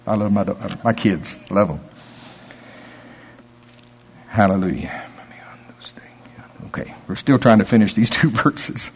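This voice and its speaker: An older man preaching a sermon, folksy storytelling, dropping to low asides and rising to loud, emphatic preaching. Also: lively intonation, takes it slowly, pauses often, husky. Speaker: pastor.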